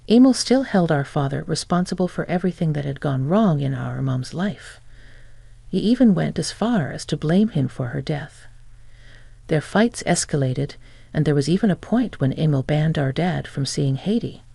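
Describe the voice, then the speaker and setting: A woman in her twenties reading a scripted first-person story in a steady, even manner. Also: low-pitched, vocal fry, no room sound. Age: 20s. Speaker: narrator.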